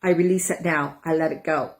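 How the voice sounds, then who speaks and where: A woman over forty, a wellness coach, talking casually to her viewers, chatty and acting out her own inner voices with breathy sighs. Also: sits low, steady tone, a little fast. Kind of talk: casual talk to camera.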